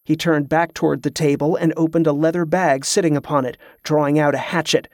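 A man narrating a novel as an audiobook, in a steady, even storytelling manner. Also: on the high side, brisk, hardly any pauses, no room sound, studio quality.

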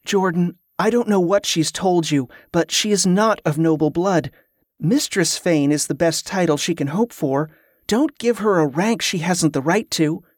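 A reader voicing Carla, a brisk, wry young woman traveler, raising the voice into a lighter register for her lines in an audiobook. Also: mid-range voice, no echo, studio quality, natural voice. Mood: firm. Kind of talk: audiobook character voice.

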